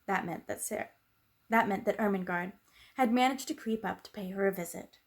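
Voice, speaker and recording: Gentle woman reading a storybook aloud. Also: mid-range voice, brisk. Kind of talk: reading a children's book aloud.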